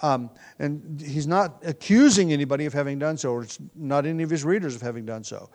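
A man's voice: on the high side, a little fast, a little mellow. A man with a nagging cough, preaching an earnest expository sermon, often restarting phrases with fillers. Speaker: pastor.

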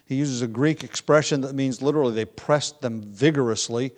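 A man teaching a Bible study, talking in a relaxed, conversational way with frequent pauses and restarts. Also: mid-range voice.

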